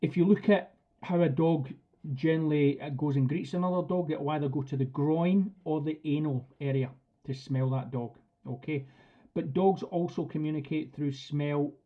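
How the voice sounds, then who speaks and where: Male dog trainer, chatty and direct, slightly high voice, dull lo-fi stream audio. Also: normal speed. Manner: chatty and direct, acts out commands. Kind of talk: live online class talk.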